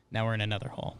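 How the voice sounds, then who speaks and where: A man co-hosting a podcast in a studio, chatting casually with a curious manner, musing aloud and asking questions. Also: dry recording. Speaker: podcast co-host. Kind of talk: casual chat.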